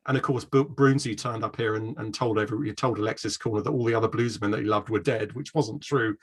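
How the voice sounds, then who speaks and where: A man's voice: on the low side, steady tone, quick pace, slightly rough. A middle-aged man in casual conversation, telling rambling anecdotes about a past music scene. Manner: rambling anecdotal storyteller, mimics voices in quotes. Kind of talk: casual chat.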